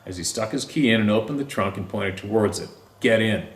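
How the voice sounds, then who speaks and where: Low-voiced man narrating slowly in a roomy space. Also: slight background noise. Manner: slow, deliberate reading with drawn-out pauses. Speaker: story narrator. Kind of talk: scripted narration of a first-person encounter story.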